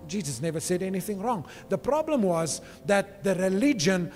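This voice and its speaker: A man's voice: high voice, sing-song, unhurried, hardly any pauses, a little mellow. A pastor preaching a sermon with emphasis, often checking in with his congregation by asking "okay?". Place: church. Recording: reverberant church hall with faint music.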